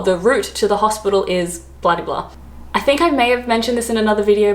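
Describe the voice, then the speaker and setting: A woman's voice: mid-range voice, echoey room. A woman in her thirties from Australia with an Australian accent, chatting casually to camera, laughing often between many fillers. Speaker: vlogger.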